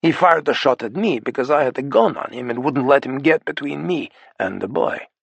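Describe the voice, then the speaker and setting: Here is a calm, matter-of-fact ally, as a male narrator voices him. He explains in a plain, even manner with a husky, gravelly voice, close and dry. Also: medium pitch, a little fast, no echo, lo-fi sound. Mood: steady.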